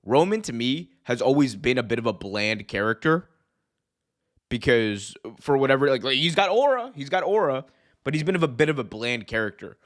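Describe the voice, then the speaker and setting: Young male wrestling host, animated casual rant, lots of restarts, mid-pitched voice. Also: normal speed. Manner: animated, repeats himself, frequent restarts and fillers. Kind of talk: casual opinion rant to live viewers.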